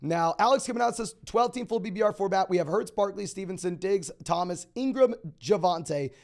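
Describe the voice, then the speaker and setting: Fast-talking young man with a high voice. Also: creaky. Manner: rapid-fire auctioneer-like delivery. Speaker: fantasy football host. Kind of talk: live stream Q&A.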